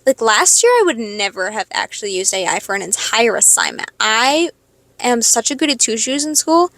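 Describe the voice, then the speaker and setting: A high school senior girl in her late teens, rambling casually in a stream-of-consciousness monologue, swearing freely and second-guessing herself. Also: expressive, moderate pace, a bit bright, dry recording. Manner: rambling, swearing, self-questioning. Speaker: podcast host.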